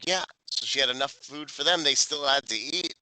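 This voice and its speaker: A man co-hosts a casual podcast, walking through a sitcom episode with crude jokes and quick impressions of the characters. His voice is bright and forceful, in a mid-range pitch. The sound is close and dry, with no room echo. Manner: profane, jokey, acts out characters' lines. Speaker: podcast co-host. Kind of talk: casual recap chat.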